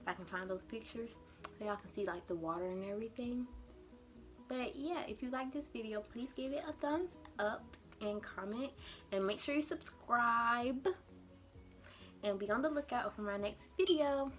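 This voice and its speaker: A young woman vlogger telling a dramatic storytime to her camera, animated and acting out her own panic. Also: fairly high pitch, normal speed, soft background music. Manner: acts out her panicked past self in quotes. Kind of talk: storytime vlog.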